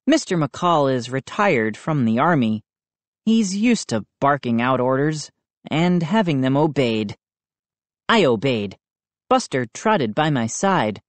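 A woman narrating a children's book aloud in an expressive storytelling manner. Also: very deep voice, takes it slowly, dry recording. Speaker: audiobook narrator. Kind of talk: children's book read-aloud with character voices.

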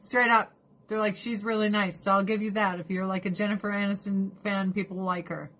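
A woman's voice: mid-range voice, steady tone, fairly quick, fairly bright tone, a little hiss or hum. A middle-aged woman streamer chatting casually with her viewers, blunt and profane, ranting with animation.

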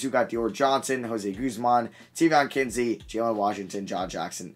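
A man's voice: medium pitch, steady tone, fairly quick, faint music behind. Man casually narrating his gameplay. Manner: chatty, thinks aloud, mild self-corrections. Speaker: gaming video creator.

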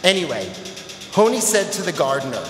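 A man's voice: a little high, brisk. A man telling a children's story at a temple service, playful and speaking to the audience. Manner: lively, playful, addresses the audience. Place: temple sanctuary. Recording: echoey hall with long reverb.

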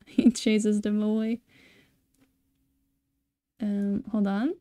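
A woman's voice: mid-range voice, level tone, extremely slow, dark tone, dry recording. A woman streamer chatting casually with viewers while she plays, laughing often. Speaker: gaming streamer. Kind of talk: casual live-stream gameplay chat.

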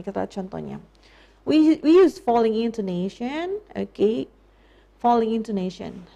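A woman with an Indonesian accent leads a live online English class. Her voice sits a little high. She explains slowly and patiently, repeating key words. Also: darkish tone. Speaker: English teacher.

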